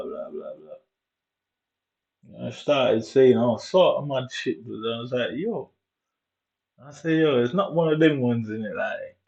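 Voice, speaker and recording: Telling a story from his own life, this young man drifts along unhurriedly, peppering his talk with "innit" and "you get me." He has an everyday, mid-range voice with a somewhat dark tone, and the recording is flat and low-fidelity.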